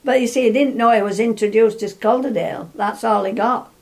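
Fairly quick and fairly even in intonation, this older interviewee's voice is on the high side with a darkish tone. She reminisces in a rambling way, often restarting and laughing while she tells her story.

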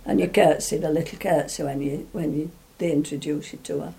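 An older woman tells an anecdote in a meandering, chatty way. Her voice sits fairly low and has a gravelly, creaky edge. She keeps restarting her sentences as she goes. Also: fairly even intonation, brisk, dark tone. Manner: rambling, full of restarts, laughs while telling. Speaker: interviewee. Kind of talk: reminiscing storytelling.

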